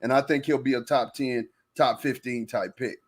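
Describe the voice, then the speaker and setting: Animated sports podcast host, man. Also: mid-range voice, moderate pace, slightly rough. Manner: animated, talks over partner, repeats phrases. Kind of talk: casual sports chat.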